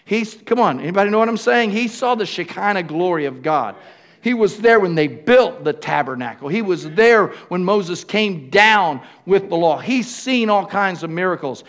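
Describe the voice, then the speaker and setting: Male pastor, high pitch, emphatic church preacher addressing the congregation. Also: animated, normal speed, fairly bright tone. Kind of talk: sermon.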